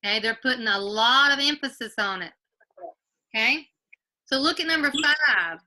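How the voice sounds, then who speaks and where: A woman's voice: high voice, lively intonation, normal speed, pauses often, bright, forceful tone. A woman teaching a grade-school class over a video call from home, patiently quizzing pupils by name and repeating her questions.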